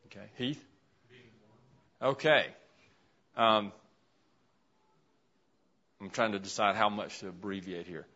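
A man with a fairly low, sharp voice teaches an interactive Bible lesson, speaking slowly and pausing often. He asks his class questions while writing a list on the board, in a dull, lo-fi classroom recording.

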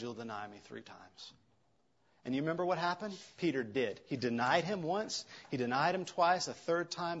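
A man preaching a sermon in an earnest way, rising for emphasis and dropping soft for tender lines. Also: fairly high pitch, husky, highs cut off.

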